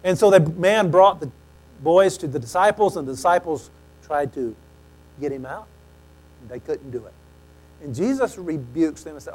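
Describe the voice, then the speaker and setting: A man preaching a sermon, telling stories animatedly and acting out quoted lines, often clearing his throat. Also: a little high, expressive, moderate pace, long pauses, a little mellow, poor audio.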